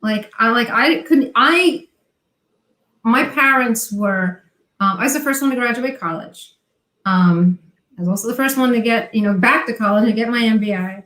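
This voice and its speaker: A woman's voice: on the high side, moderate pace, fairly bright tone. Middle-aged woman telling a story in an echoey room. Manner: acts out remembered dialogue in quoted voices. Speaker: guest, online seller. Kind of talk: storytelling interview talk.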